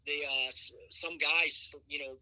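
A man in middle age with a mild Scottish accent, coaching college soccer and chatting on a podcast. His voice is very bright and sits a little high. He rambles easily, scattering "you know" through his answers. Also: fairly even intonation, moderate pace, poor audio. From Scotland. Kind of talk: podcast interview.

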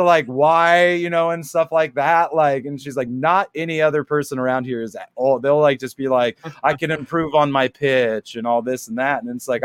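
A man's voice: fairly high pitch, dry recording. A man talking animatedly as a podcast guest, rambling with lots of fillers and swearing. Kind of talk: casual podcast chat.

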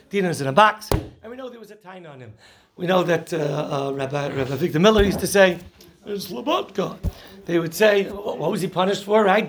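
A man with a high, husky voice teaches a Torah class. He tells jokes and stories and drops Hebrew and Yiddish terms into his English as he goes. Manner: animated storyteller who laughs at his own jokes.

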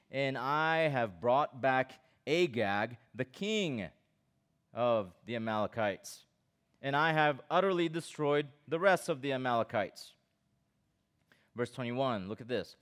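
At a youth camp, a middle-aged pastor preaches to students at an unhurried pace in a medium-pitched voice. He reads scripture aloud, breaking in with his own comments and asking the listeners direct questions.

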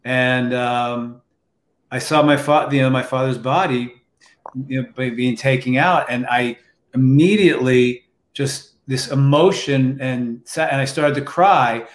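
A man telling a personal story in a slow, reflective, emotional way, with restarts, in casual conversation. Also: medium pitch. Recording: roomy echo.

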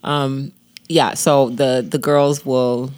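A woman's voice: rumbling low, flat delivery, takes it slowly, darkish tone. Teasing woman chatting casually. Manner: teasing, laughs often. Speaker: co-host, mother. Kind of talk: casual chat.

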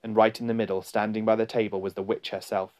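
Male storybook narrator, low voice, unhurried dramatic reading. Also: level tone, darkish tone. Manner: slow, deliberate, dramatic. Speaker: audiobook narrator.

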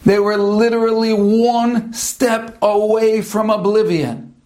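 A man's voice: high-pitched, steady tone, a little mellow. A man giving a Torah lesson in a sermon style, asking rhetorical questions and mixing Hebrew terms into his English. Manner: rhetorical questions, drawn-out emphatic pauses. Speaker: rabbi giving a Torah talk.

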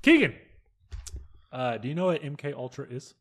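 Profane, lively-voiced male podcast host. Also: mid-range voice, moderate pace, soft background music. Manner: loose, profane, excitable. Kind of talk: casual podcast chat.

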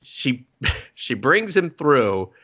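A male podcast co-host chatting casually. His bright voice swings widely in pitch as he tells the story. He laughs often and swears freely. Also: big pitch swings, very slow, husky.

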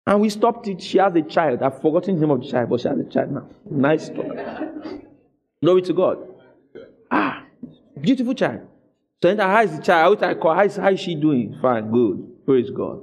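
A man preaching a sermon as a pastor, acting out dialogue in an animated way. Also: fairly high pitch, moderate pace.

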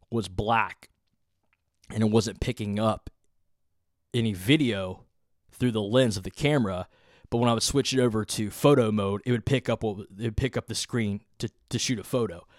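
A man's voice: lowish voice, no echo, clean studio sound. Profane rambling Southern Ohio man. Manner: profane, rambling, laid-back. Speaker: podcast host. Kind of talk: unscripted solo podcast chat.

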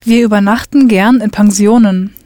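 A woman's voice: mid-range voice, steady tone, moderate pace, mellow, no room sound, clean studio sound. Woman giving careful drill answers. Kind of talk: lesson drill responses.

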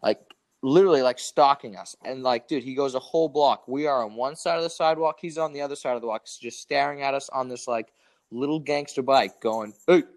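A young man telling a story in casual chat, animated and profane, full of "dude" and "like". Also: medium pitch, brisk.

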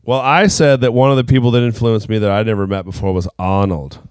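Male podcast co-host, low voice, rambling and jokey, dry close sound. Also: steady tone, fast talker, darkish tone, clear, resonant tone, dry recording. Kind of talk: casual chat.

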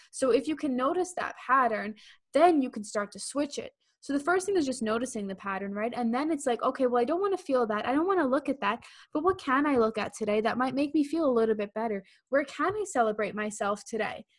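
A young woman with a somewhat high voice co-hosts a podcast in loose, casual chat. She keeps slipping into playful quoted voices as she acts out what people tell themselves. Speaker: podcast co-host.

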